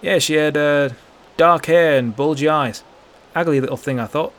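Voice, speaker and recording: A man's voice: fairly high pitch, normal speed, fairly bright tone, lightly acted. A man voicing a condescending adult city gate guard who talks down with false kindness. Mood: casual. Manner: patronizing, falsely kind.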